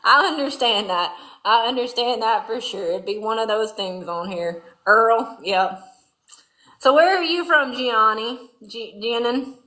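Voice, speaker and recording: A chatty Southern woman with a Louisiana twang, talking folksy and easy as she reads viewer comments during barn chores. Her voice sits a touch high and sounds bright and forceful. The echoey barn rings around her phone mic. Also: a little slow. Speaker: farm livestream host. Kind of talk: casual livestream chat reading viewer comments.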